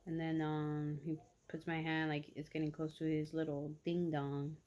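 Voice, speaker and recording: A woman's voice: deep voice, normal speed. A young woman vlogger telling a story casually while eating, chatty and slangy, full of "like" and quoted reactions. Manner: chatty, slangy, animated retelling with lots of "like".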